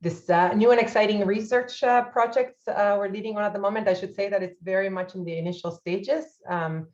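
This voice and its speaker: A woman's voice: mid-range voice, steady tone, a little fast, a little mellow. A woman presenting her organization's policy work in an online workshop, speaking hesitantly with many fillers, over a video call. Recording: muffled video-call audio.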